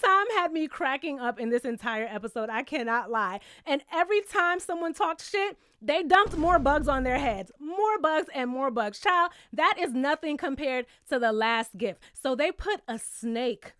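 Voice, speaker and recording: A woman's voice: high-pitched, lively intonation, moderate pace, few pauses, a bit bright, dry recording, studio quality. A woman giving a casual, blunt and sassy recap of a reality TV episode, swearing freely, laughing at her own jokes and calling her viewers "child".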